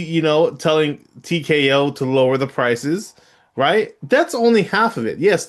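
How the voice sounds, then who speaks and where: A middle-aged man co-hosting a podcast, arguing hotly and incredulously, his voice jumping up in loud outbursts. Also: on the high side. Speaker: podcast co-host. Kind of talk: heated casual podcast debate.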